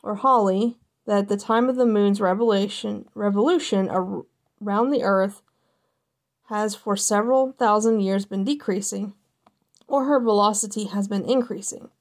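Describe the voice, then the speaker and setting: A woman's voice: mid-range voice, moderate pace. Woman reading encyclopedia entries aloud. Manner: careful reading with stumbles and self-corrections. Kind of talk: reading aloud with casual asides.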